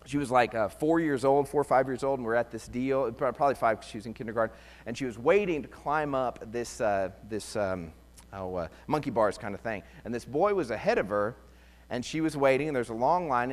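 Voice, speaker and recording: In a church with a big-room sound, a medium-pitched man preaches a conversational sermon, an animated storyteller full of jokes and humor.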